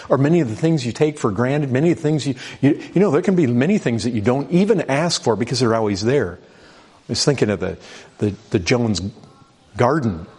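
A man's voice: mid-range voice, darkish tone. A middle-aged man preaching a sermon in a conversational way, stumbling over restarts and repeated words, reading scripture aloud and building urgency. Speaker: pastor.

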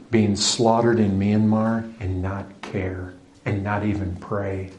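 A man preaching a sermon, emphatic, with sudden surges in pitch and loudness.

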